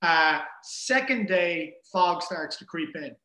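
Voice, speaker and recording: A man casually telling a story in an animated way, acting out the things people said. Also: a little high, slow pace. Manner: animated, acts out quoted dialogue. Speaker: guest telling an ocean rowing story. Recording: roomy echo.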